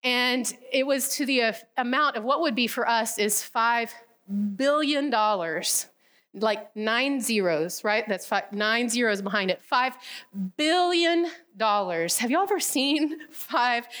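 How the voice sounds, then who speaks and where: A woman preaching a casual sermon, retelling a parable with lively storytelling and acted-out voices. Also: fairly high pitch, measured pace. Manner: animated storytelling, acting out the characters.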